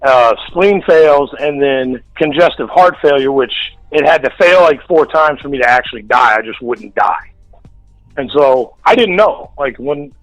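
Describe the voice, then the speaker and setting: A man's voice: mid-range voice, animated, measured pace, a bit bright, no room sound, faint music behind, low-quality recording. A man telling a story in a casual radio interview, blunt and heavy on the profanity. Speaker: guest. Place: radio studio.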